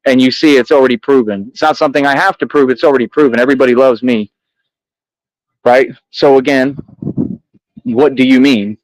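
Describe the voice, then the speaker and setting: A man delivers a defiant monologue to camera, boasting and daring his critics in loose street slang. His voice sits at a middle pitch and sounds close and dry, with no room around it. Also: steady tone, fairly quick, long pauses, no room sound, rough recording. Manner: boastful, combative, repetitive slang-heavy street talk. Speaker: vlogger addressing critics.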